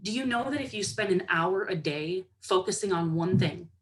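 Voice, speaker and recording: A young woman giving a lively pep talk to her team, sassy and animated, often acting out other people's voices. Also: fairly low pitch, moderate pace. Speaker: motivational speaker to a sales team.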